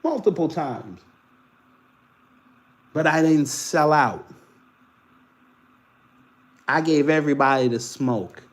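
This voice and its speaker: A man from the Caribbean talks in a casual commentary style, reading posts aloud and picking them apart with sarcasm and open mockery. His voice sits somewhat high for a man. He swings between loud, punchy jabs and low, muttered asides. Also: animated, slow pace, pauses often. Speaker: political commentary host.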